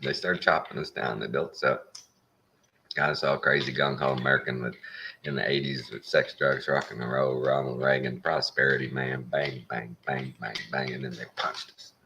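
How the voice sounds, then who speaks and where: A Texan man talking straight to the listener in a folksy, wry monologue. His voice sits extremely low and grinds with gravel. It still comes through with a bright, forceful edge. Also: flat delivery, normal speed, a little hiss or hum. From Texas. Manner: folksy, plain-spoken, wry. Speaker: show host. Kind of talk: casual opinion monologue.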